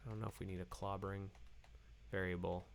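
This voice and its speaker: A man hosting a live coding stream, thinking aloud in halting phrases with many fillers and self-corrections, and saying he is losing his voice. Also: sits low, little pitch movement, gravelly. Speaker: programmer live-coding host.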